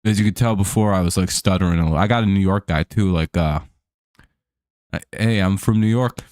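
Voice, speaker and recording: A man's voice: low-pitched, fast talker, darkish tone, no room sound, studio quality. A man hosting a live stream, casually commenting on a baseball game, rambling with many fillers and restarts and frequent chuckles.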